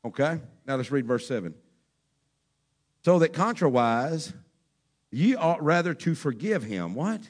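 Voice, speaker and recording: A man preaching a fervent sermon as pastor, speaking straight to his congregation in folksy phrasing and moving between quiet talk and shouting. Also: on the high side, sing-song, a little slow, long pauses.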